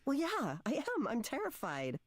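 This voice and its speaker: A woman's voice: fairly high pitch, huge pitch swings, normal speed, dry recording, clean studio sound, exaggerated voice. A woman voicing an anxious, self-doubting young woman in a video game, speaking nervously and hesitantly. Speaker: game character.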